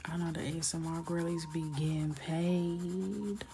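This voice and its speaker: A woman hosting a live coloring stream, talking casually and playfully while she colors, chatty and animated. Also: fairly low pitch, unhurried.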